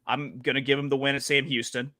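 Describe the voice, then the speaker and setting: A man's voice: medium pitch, little pitch movement, fast talker, pushed and bright, no echo, studio quality. A man hosting a casual sports betting chat, talking in a chatty, playful way with frequent fillers. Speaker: podcast host.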